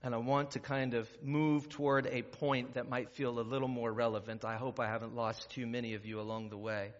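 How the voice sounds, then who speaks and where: A pastor preaches a sermon in a church sanctuary, starting conversationally and rising to emphatic preaching. His mid-range voice has little pitch movement and a slightly fast pace, and the recording is muffled in a reverberant church hall.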